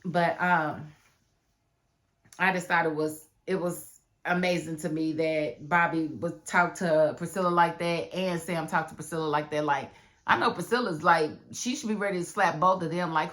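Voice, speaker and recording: A woman's voice: fairly low pitch, moderate pace. Chatty woman recapping a TV episode. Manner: animated, chatty, acts out characters' lines. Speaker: TV show reviewer. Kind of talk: casual recap commentary.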